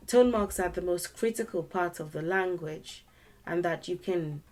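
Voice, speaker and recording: A woman teaching an online language lesson, patiently repeating words and sounding out tone syllables. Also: mid-range voice.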